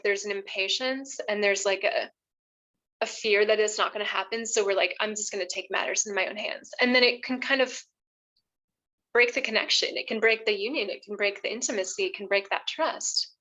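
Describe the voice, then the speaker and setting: A woman's voice: mid-range voice, steady tone, a little fast, sharp tone. A woman love coach, a podcast guest, talking earnestly in a casual conversation, emotional and choking up a little, with many fillers.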